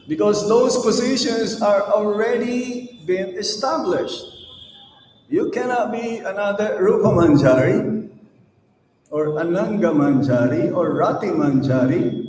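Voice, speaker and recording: A man giving a slow, emphatic devotional sermon to an audience, with rhetorical questions. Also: sits high, lively intonation, darkish tone, slight background noise. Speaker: swami giving a lecture. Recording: echoey hall, mic at a distance.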